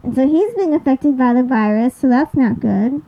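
Her voice sits high and creaky, with lively intonation at a normal speed, as this young podcast host casually goes over a TV episode. The talk rambles, is full of fillers and drifts off her notes at times. There's slight background noise on a dull lo-fi recording.

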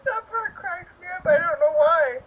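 A young woman co-hosting, mostly giving short replies and asking quick questions. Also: very high-pitched, lively intonation. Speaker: podcast co-host. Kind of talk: casual chat. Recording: tinny phone-like line.

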